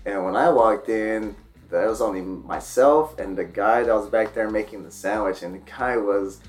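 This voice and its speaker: A man's voice: fairly low pitch, normal speed, faint music behind. A man telling funny stories in a casual podcast chat, acting out the people in them. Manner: animated, acts out the people in his stories.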